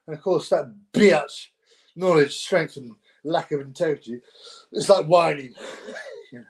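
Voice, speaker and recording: A young man from the United Kingdom hosts a casual solo livestream, rambling in street slang and laughing often. His voice is a little high and his pace unhurried.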